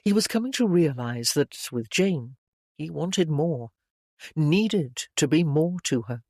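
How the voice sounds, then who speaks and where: A narrator reading a period romance novel aloud in a measured, gentle storytelling manner. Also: mid-range voice, expressive, no room sound, studio quality.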